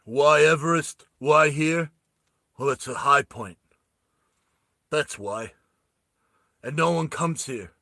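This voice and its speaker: A man voicing a grim male mercenary leader who confesses his plans in a low, subdued voice. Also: slow pace, creaky, long pauses, bright, forceful tone, no echo, studio quality, full character voice.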